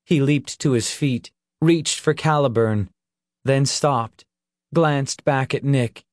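Slow, measured male audiobook narrator. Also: mid-range voice, dry recording, studio quality. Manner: measured, deliberate storytelling. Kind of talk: scripted narration.

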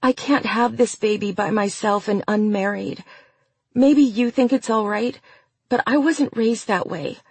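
A scheming young woman with a soft, quivering, higher voice, as a narrator puts her on. She sounds weak and pitiful on purpose, slow and husky, in a dry, close space. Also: no echo. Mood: accusing. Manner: soft, quivery, feigned weakness.

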